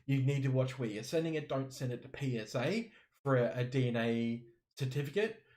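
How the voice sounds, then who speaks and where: A man co-hosting a casual hobby podcast, talking in an animated way, swearing freely and wandering off on tangents. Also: medium pitch, a little fast. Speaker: podcast co-host. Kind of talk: casual chat. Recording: roomy echo.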